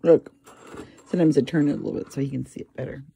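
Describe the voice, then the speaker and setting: A woman's voice: sits low, fairly even intonation, fast talker, creaky, dark tone, husky. A woman chatting casually at home while filming her cats, laughing often and talking to them.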